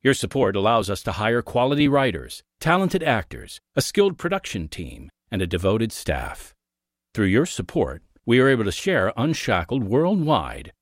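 A man's voice: medium pitch, wildly swooping pitch, moderate pace, no room sound, studio quality. A man reading an earnest, scripted donation appeal as a ministry announcer.

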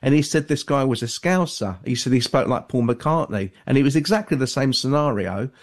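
A man speaking as an author and guest on a call-in radio show, measured and hedging, with many fillers and restarts. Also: medium pitch, animated.

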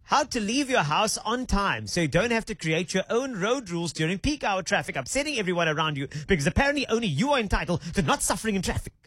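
A man's voice: high-pitched, big pitch swings, quick pace, few pauses, a bit bright, slightly rough, dry recording. A South African man hosting a radio talk show, chatty and playful in a studio. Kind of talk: casual radio chat.

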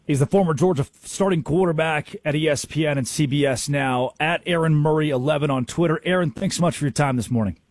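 Emphatic, husky sports radio host. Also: male voice, fairly high pitch, quick pace, hardly any pauses, no echo. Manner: emphatic, rhetorical, theatrical. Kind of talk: opinionated sports talk radio. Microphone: studio microphone.

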